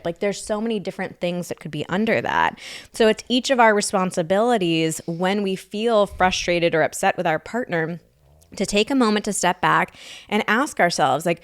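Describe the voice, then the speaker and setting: A woman co-hosting a relationship advice podcast as a sex therapist, explaining in a lively, casual way with many fillers. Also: on the low side, moderate pace.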